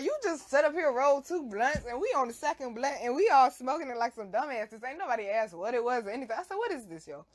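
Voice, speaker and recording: A young adult woman telling a casual, animated story full of laughter and profane slang. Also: high-pitched, brisk, hardly any pauses. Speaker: vlog host.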